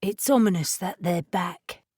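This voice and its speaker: Brief: woman voicing a rumpled English gentleman rogue, genteel and wry, English accent. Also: fairly low pitch, a little slow, slightly rough, no room sound, clean studio sound. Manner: polite, self-effacing, wry.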